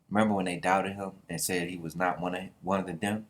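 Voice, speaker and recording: A man's voice: sits low, steady tone, a little fast, few pauses. A man casually reading a manga chapter aloud and reacting, with a slangy manner and small character voices. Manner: slangy, reads the characters' lines out loud in voices.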